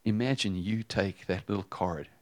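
Man, deep low voice, pastor, sermon storytelling, loud bursts and quiet hushes. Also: normal speed. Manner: animated, swings between loud emphasis and hushed tones.

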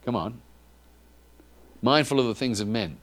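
Speaking at a medium pitch and a little slowly, a man gives a sermon that feels animated and conversational. He makes asides to the congregation and restarts himself often.

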